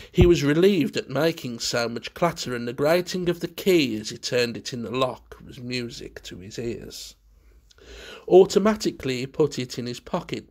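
A man narrating a ghost story in a measured, steady storytelling manner. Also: medium pitch, creaky.

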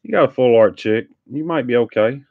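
A man's voice: medium pitch, fairly quick, creaky, no echo. A man hosting a live trading card break, chatting casually and teasing viewers with sing-song hype calls. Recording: dull lo-fi stream audio.

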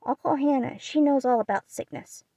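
An impulsive teenage girl, read by a woman, blunt and quick to exclaim, her voice pitched high and raised. It is a dry, close audiobook reading. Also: dark tone, no room sound, poor audio. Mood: anxious.

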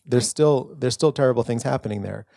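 A man's voice: mid-range voice, fairly quick, gravelly, dark tone, no room sound, studio quality. A man, an author and lecturer, answering an audience question at a bookstore event, earnest and storytelling, with many restarts. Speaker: author and lecturer at a book talk.

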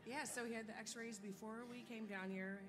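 A woman's voice: a little high, steady tone, normal speed, low-quality recording. Earnest woman telling a testimony. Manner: earnest, plain storytelling. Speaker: visitor at the meeting giving a testimony. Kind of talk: spoken testimony. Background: music playing.

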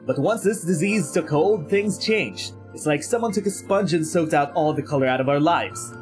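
A man's voice: a little high, animated, moderate pace, darkish tone, faint music behind, lightly acted. A man voicing a weary village mayor in a dream, speaking earnestly and pleadingly. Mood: wistful.

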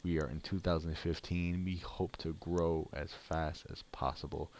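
A man's voice: deep voice, level tone, normal speed, hardly any pauses, darkish tone. A man hosting his own gaming channel, giving casual commentary on a mobile card game and grumbling about bad luck.

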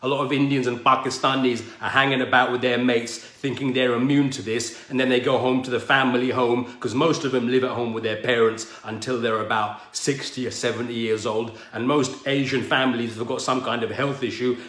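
A man delivers a brash, sarcastic comedy rant full of crude language. His voice sits at an ordinary middle pitch. It is recorded with a roomy echo. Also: little pitch movement, fairly quick, hardly any pauses, fairly bright tone.

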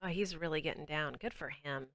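A woman's voice: low-pitched, brisk, a bit bright, no echo. Chatty Southern woman streaming a game. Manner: chatty, bubbly, talks to chat while playing. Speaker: livestream game host. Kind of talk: casual game stream chat.

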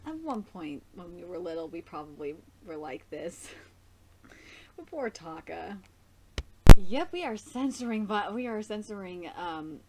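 A woman streamer giving a casual live reaction to an anime episode, gushing and excitable, laughing often and chatting with lots of fillers. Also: mid-range voice, slight background noise.

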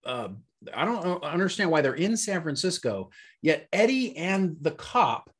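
A man's voice: on the high side, sing-song, unhurried, fairly bright tone, breathy edge. A man co-hosting a casual movie review chat, rambling and searching for words with lots of fillers. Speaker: podcast co-host.

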